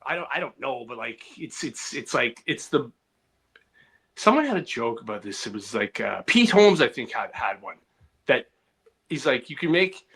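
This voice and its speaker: Bright-voiced rambling comedian. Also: male voice, medium pitch, moderate pace, slightly rough. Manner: rambling, animated, profane. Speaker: comedian and podcast co-host. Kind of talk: casual podcast banter.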